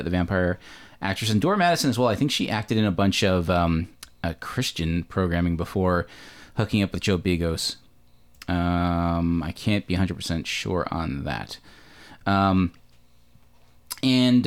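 A Canadian man hosting a podcast, chatting casually about a film with lots of fillers and self-corrections. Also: low voice. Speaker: podcast host. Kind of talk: casual movie discussion.

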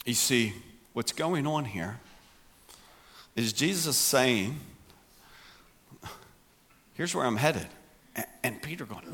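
A male pastor preaching a sermon in an animated, conversational way, acting out quoted lines. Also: mid-range voice, takes it slowly, pauses often.

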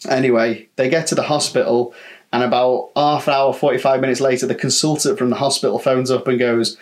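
A man's voice: medium pitch, level tone, fairly quick. A man, a podcast co-host telling a casual anecdote from his time as a holiday rep, acting out quotes and swearing freely. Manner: chatty, swearing, acts out quotes. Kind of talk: casual storytelling chat.

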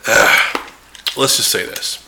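A man's voice: slow pace, noisy background. A man hosting a casual podcast chat, swearing casually and backing up his guest. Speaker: podcast host.

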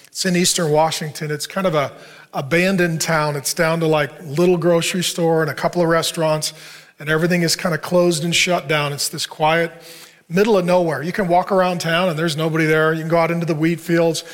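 Male pastor, middle-aged, slightly higher voice, relaxed conversational sermon delivery, earnest. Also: a little fast. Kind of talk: sermon to a men's group.

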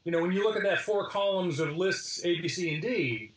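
Animated middle-aged man in a roomy space. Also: high-pitched, fairly quick. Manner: lively, restarts phrases, summarizes points in lists. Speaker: guest, design lecturer. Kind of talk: animated interview storytelling. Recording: roomy, from a distance.

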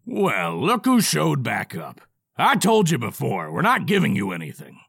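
Man doing a gruff dwarf barkeep. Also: medium pitch, wildly swooping pitch, moderate pace, fairly bright tone, no room sound, studio quality, pitched above the performer's own voice, heavily acted. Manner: gruff and grudging.

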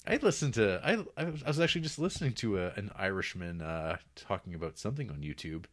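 A man's voice: low voice, animated, fast talker, a bit bright. A man hosting a podcast, chatting casually and rambling with a lot of stammered restarts. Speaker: podcast host. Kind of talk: casual chat, reading listener emails.

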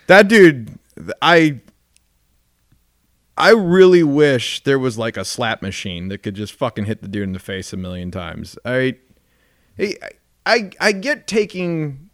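Profane joking podcast co-host, lively pitch. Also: male voice, a little slow, pauses often, no echo, clean studio sound. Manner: profane, joking, laughs often. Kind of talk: casual podcast banter.

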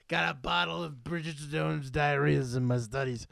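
Crude joking man, smooth voice. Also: on the high side, pushed and bright. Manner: crude, joking, swears a lot. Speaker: podcast co-host. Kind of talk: casual movie chat.

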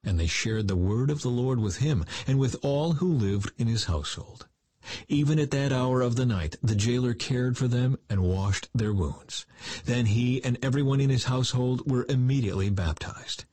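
Man, scripted Bible reading, husky voice, mid pitch, steady, dry sound. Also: moderate pace, dry recording.

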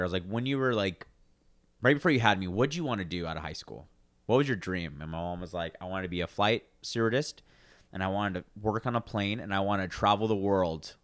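A man's voice: lowish voice, a bit bright, no echo. A man in his twenties co-hosting a podcast, telling rambling stories and acting out the people he quotes, with many restarts. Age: 20s. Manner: rambling storyteller, acts out quoted voices, restarts often. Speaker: podcast co-host. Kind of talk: casual chat.

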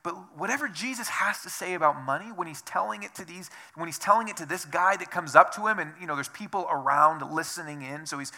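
A male pastor preaching with a very bright, forceful voice pitched a little high. He is earnest, repeats his phrases and keeps asking the room questions. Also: brisk, hardly any pauses. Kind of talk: sermon.

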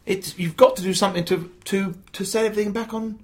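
A man's voice: high voice, fairly even intonation, quick pace. A man, a stand-up comedian, talking through his craft in an interview over a video call, emphatic and storytelling, acting out quotes. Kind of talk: animated interview chat. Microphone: video call mic.

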